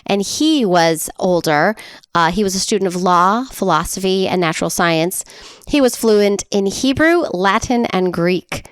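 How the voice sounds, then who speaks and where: A woman's voice: medium pitch, animated, unhurried, smooth, dry recording, clean studio sound. An American woman co-hosting a podcast, casually retelling a history with playful, chatty asides and frequent laughs. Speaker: podcast co-host.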